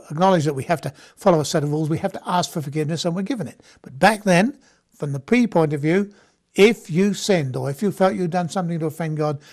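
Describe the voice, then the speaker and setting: A man giving an informal Bible lecture, talking conversationally with frequent restarts and checks of "okay?". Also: on the high side. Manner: conversational, repeats words and restarts, asks "okay?". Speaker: Bible study teacher.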